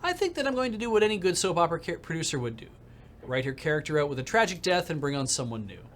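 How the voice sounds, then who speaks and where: A smug, scheming TV producer who speaks smoothly and talks down to his rival, as a man reads him aloud. The voice sits higher than usual and swings through a lively pitch range. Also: fast talker. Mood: condescending. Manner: smooth, condescending, lecturing.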